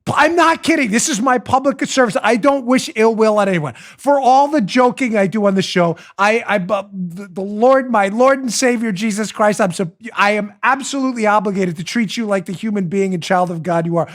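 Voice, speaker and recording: A fairly high-pitched middle-aged man hosts a talk show with a sarcastic, mocking edge. He swings between brisk asides and loud, theatrical rants. His voice rides up and down as he needles his targets. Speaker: host. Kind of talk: opinionated political talk show.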